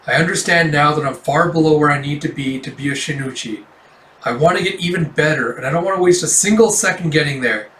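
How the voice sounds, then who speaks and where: A man's voice: on the high side, fast talker, a bit bright, reverberant, a little hiss or hum, lightly acted, low-quality recording. A man reading an earnest, determined teen girl. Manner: earnest, pleading. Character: determined teenage girl pleading to apprentice.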